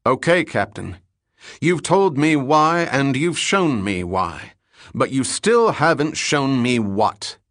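A man voicing a cool, skeptical male detective who speaks curtly and with measured firmness in an audiobook reading. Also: mid-range voice, very animated, a bit bright, no echo, studio quality, voice pushed up. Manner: curt, measured.

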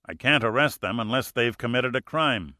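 A man's voice: mid-range voice, animated, moderate pace, sharp tone, dry recording, clean studio sound. A man voicing a weary, cautious male small-town sheriff. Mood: hesitant. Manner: helpless, hesitant.

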